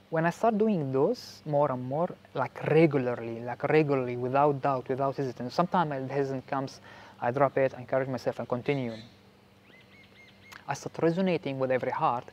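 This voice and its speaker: A male spiritual vlogger explains his experiences in relaxed, casual talk. He stops and repeats words while looking for how to say things. A faint hiss sits behind his voice. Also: medium pitch. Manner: halting, repeats words while searching for phrasing.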